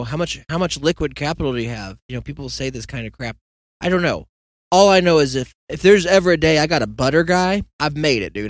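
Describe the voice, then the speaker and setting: A man's voice: on the high side, no echo. Rambling young man, dry close sound. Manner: rambling storyteller, joking asides and mock quotes. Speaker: podcast host. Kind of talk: casual solo monologue.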